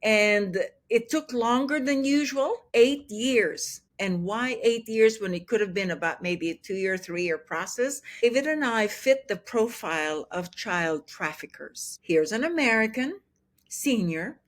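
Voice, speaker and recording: A woman in her sixties, a guest telling her personal testimony in an animated way and acting out what people said. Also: a little high, a little slow. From Philippines. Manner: animated, acts out quoted dialogue. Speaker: interview guest.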